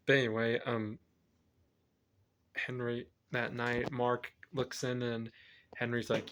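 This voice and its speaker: Flat-toned man rambling through a plot recap. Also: mid-range voice, a little slow, clear, resonant tone. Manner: rambling, self-correcting retelling. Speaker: movie reviewer. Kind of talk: casual plot recap for a film review.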